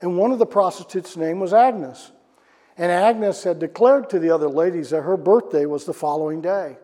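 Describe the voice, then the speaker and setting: Casting: male pastor, high voice, dark tone, preaching in a church with long reverb, lively questions to the room. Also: normal speed. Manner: animated preaching with questions to the congregation. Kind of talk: sermon.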